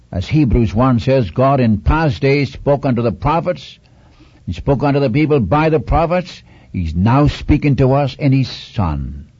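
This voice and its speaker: A man's voice: medium pitch, dark tone, slightly rough, no room sound. A man preaching a sermon, earnest and pleading, retelling scripture dramatically and repeating his key points. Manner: dramatic retelling of scripture, rising on big images. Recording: dull lo-fi recording.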